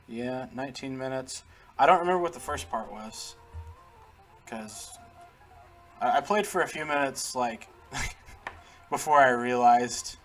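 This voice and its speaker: A man's voice: mid-range voice, fairly bright tone. Chatty man talking over gameplay. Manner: chatty, laughs often, talks to the game. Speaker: gaming channel host. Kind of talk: casual let's-play commentary.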